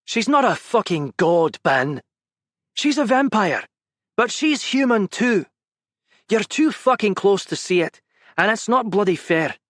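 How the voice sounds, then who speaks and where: A man's voice: high-pitched, sing-song, measured pace, fairly bright tone, dry recording, studio quality, pitched above the performer's own voice, heavily acted. A man voicing an angry man who swears heatedly while defending a friend, in an audiobook.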